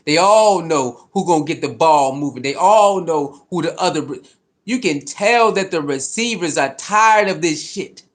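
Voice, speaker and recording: A fired-up man rants about his football team, cursing and repeating himself to drive his points home. His voice sits high and swoops around constantly. He sounds like a commentator who is fed up. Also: animated, moderate pace. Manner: fired-up, profane, repetitive. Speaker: sports commentator. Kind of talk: heated sports commentary rant.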